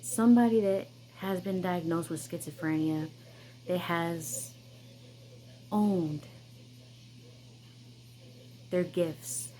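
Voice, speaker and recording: A woman's voice: lowish voice, takes it slowly, pauses often, dark tone, rough recording. A woman hosting her own channel, telling a personal story in an emphatic, insistent way, with many repeats and restarts. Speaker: vlogger, channel host.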